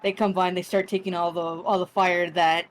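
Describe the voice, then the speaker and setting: A woman's voice: lowish voice, level tone, a little fast, slight background noise. A young adult woman narrating a tabletop game as game master, rambling with lots of restarts and fillers. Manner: rambling, full of likes and restarts.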